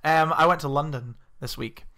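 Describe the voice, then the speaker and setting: A man's voice: on the high side, normal speed, pushed and bright. A young man hosting a podcast, telling a story in casual chat and laughing often. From Scotland. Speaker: podcast host.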